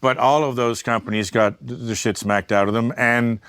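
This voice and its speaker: A man's voice: medium pitch, steady tone, normal speed, a bit bright, smooth, no room sound. A man giving a candid interview, talking bluntly and emphatically, swearing freely and wandering into asides. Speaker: media entrepreneur and interview guest.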